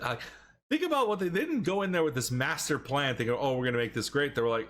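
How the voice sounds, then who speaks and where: A man co-hosting a wrestling podcast in casual, profane chat, acting out quotes with excited jumps in pitch. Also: quick pace. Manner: animated, profane, acts out quotes with rising pitch. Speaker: podcast co-host.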